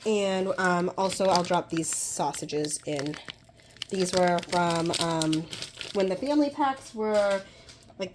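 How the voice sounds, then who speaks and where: A woman's voice: mid-range voice, darkish tone, a little hiss or hum. A woman with a stuffy, congested voice from a cold, casually talking through her home cooking in a kitchen vlog, practical and chatty with frequent ums.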